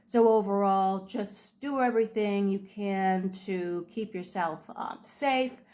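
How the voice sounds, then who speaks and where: Unhurried woman giving casual advice. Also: medium pitch, darkish tone. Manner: unhurried, with frequent ums and restarts. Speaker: video creator.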